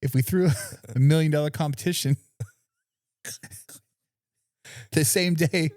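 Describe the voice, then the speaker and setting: A man's voice: a little high, takes it slowly, darkish tone, no room sound, studio quality, voice pushed up. A man doing a botched, laughing impression of a crude, cheeky Australian man, with a put-on Australian accent. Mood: mocking.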